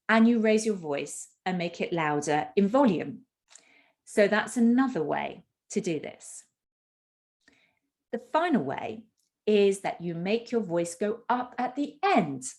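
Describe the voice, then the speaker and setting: Woman coach with an unhurried, deliberate delivery who stresses her keywords in a teaching talk. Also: mid-range voice, darkish tone. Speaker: communication coach. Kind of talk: instructional talk.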